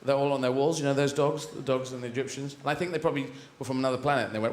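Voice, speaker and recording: A man's voice: medium pitch, steady tone, very fast. A British man doing a stand-up routine on a theatre stage, theatrical and rambling, jumping into silly character voices. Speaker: stand-up comedian. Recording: live theatre recording, roomy with loud audience.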